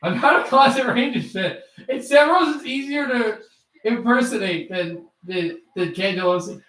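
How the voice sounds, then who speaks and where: A man doing mock hockey play-by-play on a live stream, calling fast with bursts of shouting and imitating broadcasters. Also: very high-pitched, distant mic. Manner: excitable, rapid calls with bursts of shouting. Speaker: livestream host doing play-by-play. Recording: echoey room, off-mic.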